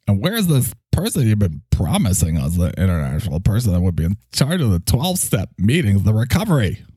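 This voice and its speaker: A man's voice: fairly low pitch, huge pitch swings, a little fast, mellow, breathy edge, no room sound, heavily acted. A man voicing a bossy male spirit who fusses and complains at the person channeling him. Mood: bustling. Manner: fussy, complaining, theatrical.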